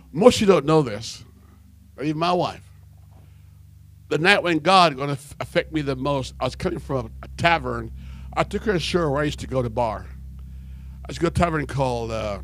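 A man preaching a sermon, telling his conversion story and building from quiet storytelling to shouted fervor. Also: medium pitch, slight background noise. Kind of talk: sermon testimony.

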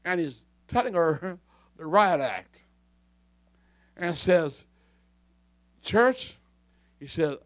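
A man preaching a fiery sermon, dropping to quiet asides and rising to shouts. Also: high-pitched, lively intonation, slow pace, long pauses, dry recording.

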